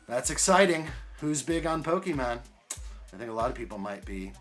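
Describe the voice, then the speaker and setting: A man's voice: medium pitch, very animated, fairly quick, fairly bright tone, soft background music. A man hosting a casual live stream, greeting viewers by name in an upbeat way while unboxing and building.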